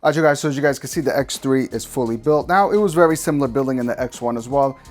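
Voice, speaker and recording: A man's voice: mid-range voice, racing, faint music behind. A man giving a casual, hands-on tech review, slangy and emphatic, often ranting.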